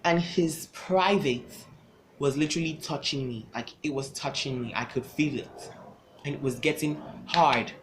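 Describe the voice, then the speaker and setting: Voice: medium pitch, a little slow, background noise. A young adult vlogger telling a personal storytime to camera, with dramatic, emphatic delivery, loose casual phrasing and lots of repetition.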